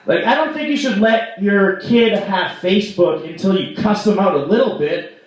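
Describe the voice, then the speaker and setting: High-voiced young man doing stand-up. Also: moderate pace. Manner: rambling, filler-heavy, mock-outraged. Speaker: open mic comedian. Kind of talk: stand-up comedy set. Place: small bar stage. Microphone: stage microphone. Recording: echoey room, voice from far off.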